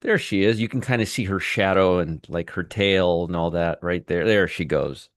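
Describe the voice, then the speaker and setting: A man's voice: sits low, moderate pace. A middle-aged man hosting a casual trading livestream, rambling and greeting viewers one by one by name, with frequent restarts. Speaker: trading show host.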